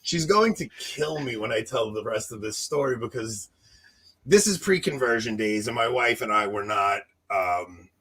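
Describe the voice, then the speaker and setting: A man in his thirties telling a long personal story in casual chat, animated and laughing, acting out what people said. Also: mid-range voice, normal speed, slightly rough. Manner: animated, laughing, acts out quotes. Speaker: podcast co-host telling a story.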